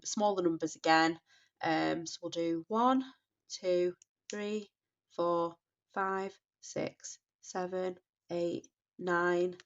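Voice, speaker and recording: Congested and nasal from a cold, a budgeting vlogger in her 30s with a Northern English accent from the North West chats apologetically about what she's spent, her pitch fairly low. She keeps restarting and saying sorry, and the home recording is dull and lo-fi.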